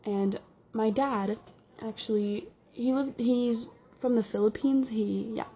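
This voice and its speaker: A woman's voice: a little high, steady tone, slow, a little hiss or hum. A woman telling a casual story-time vlog tale, chatty and full of fillers. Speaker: vlogger. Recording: dull lo-fi recording.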